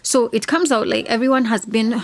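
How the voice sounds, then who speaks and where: A woman's voice: fairly high pitch, fairly quick. A young woman giving a casual, opinionated reality TV recap, full of "like" and slang. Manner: chatty, opinionated, heavy on "like". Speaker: reality TV reviewer.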